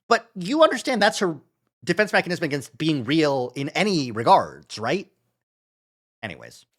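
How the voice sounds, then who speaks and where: A woman's voice: sits low, moderate pace. A woman streaming a visual novel live, joking casually and reacting to the story, with faint game music behind. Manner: animated, joking, swears casually. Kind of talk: live let's-play commentary, reading the game aloud.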